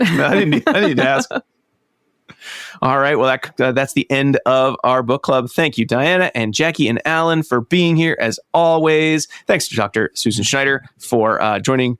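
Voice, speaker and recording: A man hosting a podcast, wrapping up a book club episode in a relaxed, chatty way and laughing easily. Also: mid-range voice, no room sound, studio quality. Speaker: podcast host. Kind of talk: casual podcast chat.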